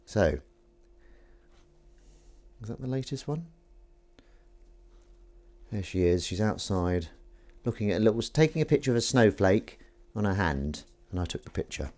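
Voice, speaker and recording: Chatty man, lively pitch. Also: normal speed, long pauses. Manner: chatty, self-mocking, reads chat aloud. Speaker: livestream host. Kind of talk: casual chat while washing up.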